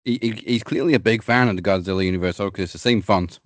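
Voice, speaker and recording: A low-voiced man chatting about wrestling. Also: quick pace, no echo. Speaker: podcast co-host. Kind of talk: casual wrestling chat.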